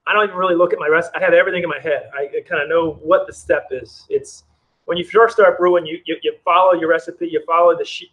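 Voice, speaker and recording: Man, casual live-stream brewer, rambling and friendly with chat, slightly high voice, outdoors on phone camera. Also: lo-fi sound. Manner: chatty, reads chat aloud, rambling. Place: outdoors in the cold.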